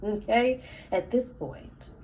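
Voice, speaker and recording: A woman's voice: a little high, animated, slow pace, darkish tone, a little hiss or hum, poor audio. A woman venting to camera in a personal rant, a parent and student, talking bluntly and emphatically with lots of swearing. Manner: blunt, emphatic and profane, with bursts of laughter.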